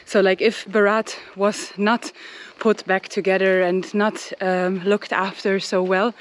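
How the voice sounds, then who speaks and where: A woman chats through a travel vlog while out of breath, in a mid-pitched voice. She rambles with many fillers as she walks outdoors. Faint outdoor noise sits behind her voice. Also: little pitch movement, unhurried. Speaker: travel vlogger. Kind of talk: casual walking vlog chat. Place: outdoors at hillside ruins in hot sun.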